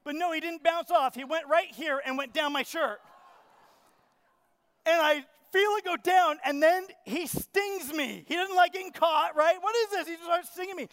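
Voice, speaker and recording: Male pastor, high tenor, animated storyteller who preaches straight to his congregation. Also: normal speed. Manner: animated storytelling, acts out his own panic; asks the congregation questions. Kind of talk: sermon. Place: church.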